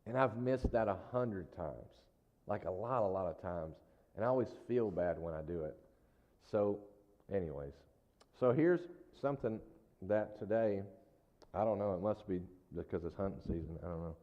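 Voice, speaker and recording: Folksy preacher in a reverberant hall. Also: male voice, low-pitched, normal speed. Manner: folksy, animated storytelling with asides to the congregation. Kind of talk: casual storytelling sermon. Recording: dull lo-fi sound with long hall reverb.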